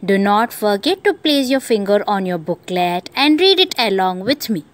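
A woman teacher reading a children's story aloud to young kids in a slow, encouraging voice. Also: mid-range voice, very animated. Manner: slow, sing-song, encouraging.

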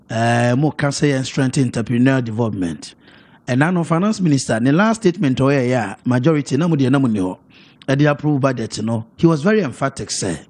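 A man's voice: medium pitch, darkish tone. A man with a Ghanaian accent hosting a talk show, putting long probing questions to a panelist in Twi mixed with English. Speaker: TV show host. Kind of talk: moderating a political panel.

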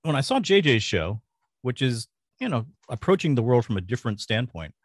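Middle-aged man, mostly neutral American accent, faint Louisiana trace, fast talker, lively pitch, dry sound. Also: breathy edge, no room sound. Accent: mostly neutral American, slight Louisiana. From rural Louisiana, USA. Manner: fast-talking, thoughtful. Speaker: podcast guest. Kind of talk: casual interview.

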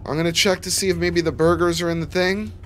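A man's voice: on the high side, steady tone, quick pace, faint music behind. A young man streaming a game live, talking to his viewers and ranting with heavy swearing. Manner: swears a lot, frustrated rants. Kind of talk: live gameplay commentary.

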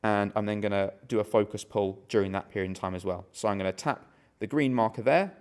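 A man's voice: lowish voice, fast talker, clear, resonant tone. A man giving a hands-on tech tutorial as a product demonstrator, explaining each step steadily as he goes.

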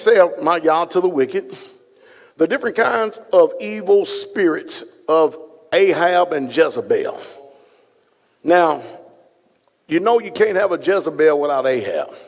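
Male pastor, slightly high, husky voice, joking with a large congregation, long hall reverb. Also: darkish tone. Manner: folksy, joking, talks straight to the room. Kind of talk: sermon with casual asides to congregation. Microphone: stage microphone being adjusted.

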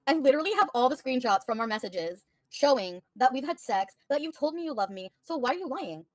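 A woman's voice: high voice, lively intonation, fairly quick, dry recording. A woman livestreaming, bluntly and profanely venting to her chat. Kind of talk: casual livestream rant to chat.

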